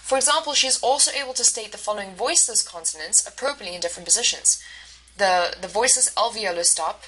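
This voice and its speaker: Bright-voiced woman teaching a lecture. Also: medium pitch, expressive, fast talker, slight background noise, poor audio. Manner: explanatory, with frequent fillers and self-corrections. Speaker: instructor. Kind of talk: recorded lecture.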